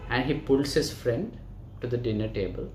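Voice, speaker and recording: A man's voice: mid-range voice, expressive, moderate pace, darkish tone, a little hiss or hum. A yoga teacher, a man, telling a story to his class in a chatty way, often checking in with them. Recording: roomy echo.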